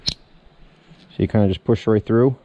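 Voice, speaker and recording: A man in a casual how-to vlog, explaining step by step in a relaxed way while he works on his truck outdoors. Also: lowish voice, slow pace, dry recording, highs cut off. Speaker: small business owner showing a truck equipment setup.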